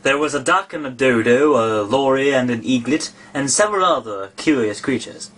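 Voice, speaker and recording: A man narrating a storybook in a measured, even way. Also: medium pitch.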